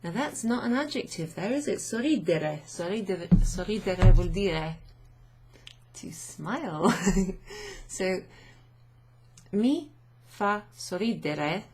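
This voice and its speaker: A woman language teacher explaining grammar to her students in an unhurried way, thinking aloud with many fillers. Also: medium pitch, expressive, a little mellow, slight background noise.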